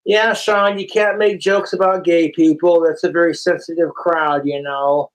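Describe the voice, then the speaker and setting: A man's voice: on the high side, fairly even intonation, normal speed. A man doing a crude, profane comic skit, arguing with himself in two quoted voices.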